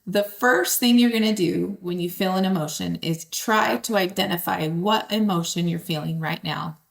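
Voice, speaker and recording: A woman, possibly in her thirties, calmly teaching step-by-step steps and speaking straight to the listener. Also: lowish voice, moderate pace, gravelly. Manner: calm, direct, speaks to the listener. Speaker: host.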